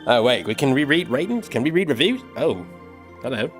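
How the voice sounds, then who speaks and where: Animated man rambling on a livestream. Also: medium pitch, fairly quick, soft background music. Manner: rambling, thinks aloud, talks to chat. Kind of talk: casual livestream chat while coding.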